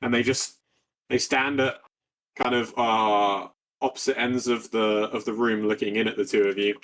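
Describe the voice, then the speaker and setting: A man's voice: lowish voice, fairly even intonation, normal speed, a bit bright, slight background noise. Rambling male game master. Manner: rambling, with many fillers and restarts. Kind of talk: narrating a tabletop game.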